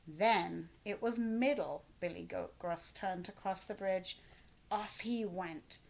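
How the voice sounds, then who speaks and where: A woman reading a picture book aloud to children, expressive, with asides to her young listeners. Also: lowish voice, vocal fry, a little hiss or hum. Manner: slow, expressive read-aloud with asides to kids. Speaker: children's story reader.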